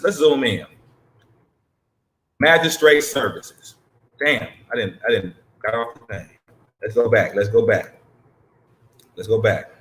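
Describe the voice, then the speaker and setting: A man's voice: on the high side, bright, forceful tone, roomy sound. A man hosting and commenting on a clip in a blunt, emphatic, profane way. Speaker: host reacting to a clip. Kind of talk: casual commentary.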